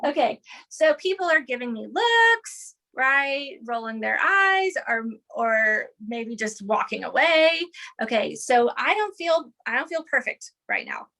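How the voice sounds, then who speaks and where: Speaking a bit slowly in a high-pitched voice, a woman walks through an idea for an interviewer. She sounds animated and like a teacher, frequently pausing on "right?" and "okay" to make sure she's followed.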